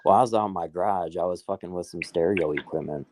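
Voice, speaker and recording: A man with a fairly low voice tells a story on a casual podcast. He swears constantly and gets more heated as he goes. His voice sounds dry and close, with almost no room echo. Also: fast, a little mellow. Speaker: podcast co-host. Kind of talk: casual chat.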